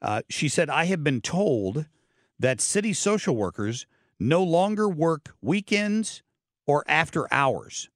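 This opinionated talk radio host comments on the news in a blunt, sardonic way, full of fillers and restarts. His voice is on the high side and very animated, and he takes it slowly. The recording is dry, from a close studio microphone.

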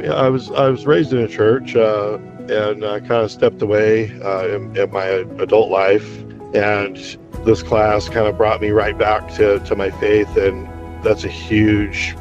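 Halting man, flat voice, dull sound. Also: lowish voice. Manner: halting, emotional, many restarts. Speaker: guest, course participant. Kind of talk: personal testimony.

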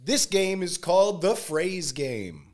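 A man's voice: high voice, big pitch swings, slow, heavy background noise. A man co-hosting a podcast who is teasing and playful, and sometimes sings lines as a joke. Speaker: podcast co-host. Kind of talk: casual chat.

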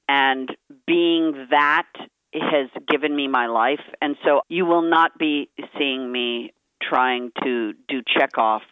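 A woman's voice: low-pitched, dry recording, muffled recording. A woman guest on a phone interview, speaking frankly and emphatically as she tells stories. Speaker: guest actress.

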